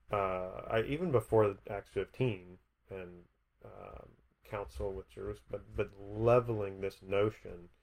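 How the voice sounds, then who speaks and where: A man's voice: deep voice, gravelly. A man in a casual Bible discussion, hesitant, often restarting his sentences.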